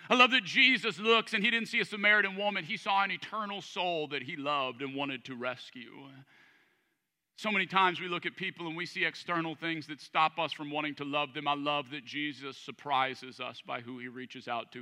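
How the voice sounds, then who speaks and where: A man preaching from the pulpit in a fairly high, piercingly bright voice. He reads scripture and presses his points home with building emphasis. His words ring out through a church hall with a long reverb. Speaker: pastor. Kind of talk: sermon. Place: church sanctuary.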